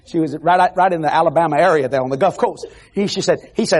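A man preaching an animated evangelical sermon to a congregation on television, laughing and shouting asides as he goes. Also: fairly high pitch, fast talker, few pauses, a little hiss or hum. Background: faint congregation crowd.

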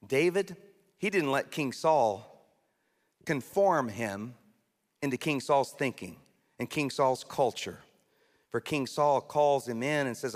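A man preaching a sermon as a pastor, lively and conversational, often slipping into mock voices and asides. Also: mid-range voice, slow, pauses often. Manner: animated, acts out mocking voices, conversational asides. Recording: long hall reverb.

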